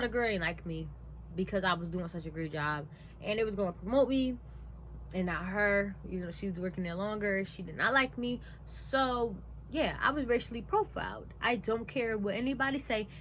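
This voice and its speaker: A woman's voice: medium pitch, normal speed, slight background noise. A young woman vlogger telling a personal story in a casual, emphatic way, with a lot of "like" and "blah, blah, blah.". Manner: animated, emphatic, conversational; frequent "like" and "blah, blah, blah".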